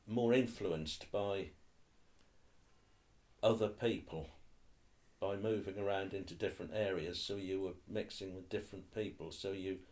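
An older man answers interview questions in a reflective, unhurried way. His voice sits a little low, and he often restarts his sentences. He ends many points with tag questions. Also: steady tone, a little mellow. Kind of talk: reflective oral-history interview.

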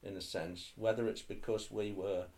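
A man's voice: fairly low pitch, level tone, moderate pace, vocal fry, a little mellow. An older man being interviewed, speaking thoughtfully and hesitantly, with restarts and tag questions. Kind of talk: reflective oral-history interview.

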